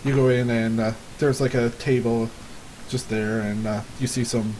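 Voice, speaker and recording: A man's voice: mid-range voice, fairly even intonation, moderate pace, darkish tone, slight background noise, rough recording. A man running a tabletop game as game master, narrating in a hesitant way with many fillers.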